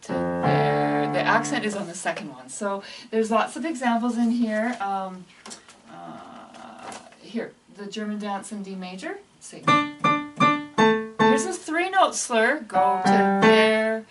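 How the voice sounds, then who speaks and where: A woman's voice: medium pitch, very animated, takes it slowly, recorded from a distance. A woman explaining how to teach piano pieces and slurs to other teachers, in a chatty instructional way. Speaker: music teacher trainer. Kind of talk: casual instructional walkthrough.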